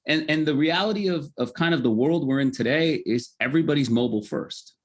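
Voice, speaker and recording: A man's voice: a little high, fairly quick. A middle-aged man, a guest on a podcast, explaining his legal technology in a conversational, upbeat way and often checking in with "right?". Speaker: legal tech founder, guest.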